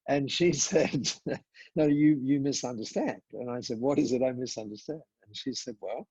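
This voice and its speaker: An older man with a husky, breathy voice tells a story as a podcast guest, playing out the dialogue of the people in it with lots of "uh"s and restarts. The sound is dry and dull, like a low-fidelity remote recording. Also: moderate pace, no echo. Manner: animated storyteller, acting out quoted dialogue, frequent "uh" and repeats. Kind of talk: storytelling in conversation.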